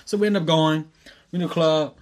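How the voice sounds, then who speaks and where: Fairly high-pitched and a little quick, this twentysomething man recounts a wild tale in relaxed chat. Profanity comes easily, laughter keeps breaking through, and his quoted lines come out lively.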